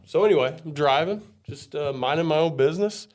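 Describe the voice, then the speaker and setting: A man telling a story on a casual podcast, animated, acting out screams and other people's voices. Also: on the high side, brisk. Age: adult with a young son.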